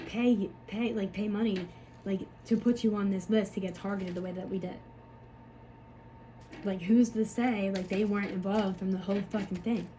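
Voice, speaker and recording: A woman's voice: mid-range voice, mellow, a little hiss or hum, rough recording. A woman, a mother, talking to camera in a rambling, frustrated way, full of fillers and swearing. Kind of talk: emotional personal monologue.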